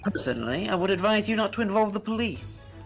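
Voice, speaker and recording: A woman reading aloud the lines of a pompous, formal male detective from a game in a measured, stately way. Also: mid-range voice, lively intonation, over music, lightly acted. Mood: grandly formal.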